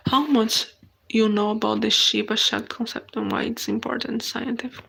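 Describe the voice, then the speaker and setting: A Brazilian woman whose first language is Portuguese, hosting a casual live stream in halting English, reading viewer comments aloud and answering them. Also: a little high, little pitch movement, vocal fry, a bit bright, slight background noise. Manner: unhurried, halting non-native English with frequent restarts.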